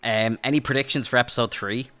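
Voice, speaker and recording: A man co-hosting a podcast, talking casually in halting phrases and laughing often. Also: medium pitch, fairly even intonation, noisy background. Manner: halting, many fillers and restarts, laughs often. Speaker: podcast co-host. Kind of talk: casual chat.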